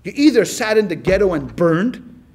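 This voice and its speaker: A male rabbi giving a lecture to a class in a lively, conversational way, with frequent restarts. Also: high voice, normal speed, husky. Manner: animated and conversational, with many restarts. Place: class with a live audience.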